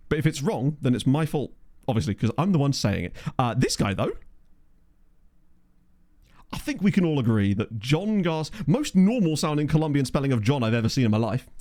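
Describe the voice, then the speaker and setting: A darkish-toned man with a mid-range voice reads the live chat while playing in a casual let's play. He chats and thinks out loud, recorded on a USB condenser mic.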